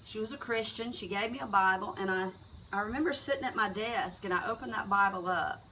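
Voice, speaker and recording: Bright-voiced woman sharing her testimony. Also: mid-range voice, far from the mic, slight background noise, poor audio. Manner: halting, with frequent restarts and fillers. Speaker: testimony speaker. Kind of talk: personal faith testimony.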